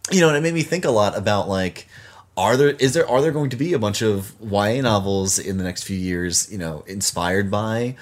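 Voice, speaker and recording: A man in his thirties co-hosting a casual book podcast, animated, with lots of fillers and restarts and easy laughter. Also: fairly low pitch, normal speed. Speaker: podcast co-host. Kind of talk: casual chat about books.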